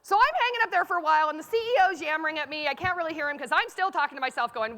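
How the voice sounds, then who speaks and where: High, bright-voiced woman telling a dramatic story. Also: expressive, quick pace, few pauses. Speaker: keynote speaker. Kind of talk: animated storytelling keynote. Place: conference stage.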